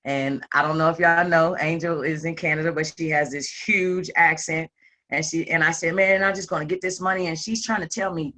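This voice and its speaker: Bright-voiced woman telling a lively story. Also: low voice, a little fast. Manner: animated storyteller, acts out quotes, playful asides. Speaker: self-employed group member sharing a story. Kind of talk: candid personal testimony to a group.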